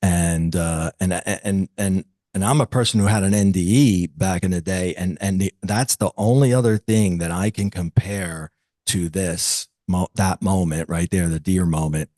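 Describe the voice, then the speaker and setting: A man in his fifties, a metaphysical teacher, telling a personal story as an interview guest, reflective and lively when he quotes others. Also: low voice, unhurried, no room sound.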